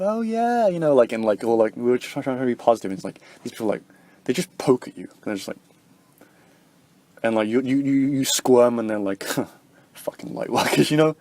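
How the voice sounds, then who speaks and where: A man's voice: medium pitch, fairly quick, dry recording. A young man vlogging in a casual, rambling way, with constant filler words and frequent swearing. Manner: rambling, heavy filler words, profane, animated quoting.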